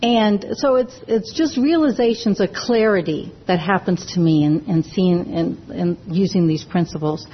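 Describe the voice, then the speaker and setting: A woman speaking at a recovery meeting, sharing her own story earnestly and haltingly, often restarting her sentences. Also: on the low side, slight background noise. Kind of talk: personal sharing talk. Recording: dull lo-fi recording.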